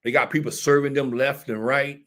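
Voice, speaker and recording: A man's voice: mid-range voice, level tone, normal speed, a bit bright. A man hosting casual political commentary, talking directly to a live audience and answering viewers. He is emphatic and repeats his points like a sermon. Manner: emphatic and repetitive, preachy. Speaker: talk show host.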